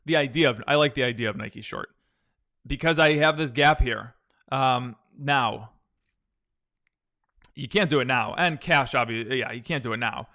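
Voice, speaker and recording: A man's voice: medium pitch, moderate pace, pauses often, pushed and bright. A man hosting a live stock-trading stream, chatting loosely through viewer questions and often restarting his sentences. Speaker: stock trading livestream host. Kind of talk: casual live-stream chart analysis.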